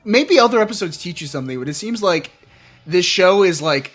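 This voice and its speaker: A man's voice: high voice, lively intonation, a little fast, fairly bright tone. A man co-hosting a podcast in casual chat, laughing often and restarting his sentences. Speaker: podcast co-host.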